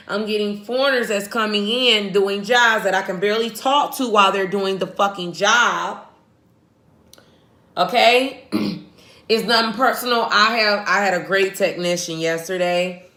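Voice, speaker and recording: An American woman vlogger giving blunt, profane, animated commentary to her viewers. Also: mid-range voice, normal speed. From United States. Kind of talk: ranting commentary. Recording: echoey room.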